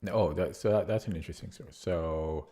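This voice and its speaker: A young man streaming chess, thinking his moves out loud, repeating words as he calculates and chatting back to his viewers. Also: low-pitched, a little fast, heavy background noise. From Canada. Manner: chatty replies to viewer chat. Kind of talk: live-stream chess commentary, thinking aloud.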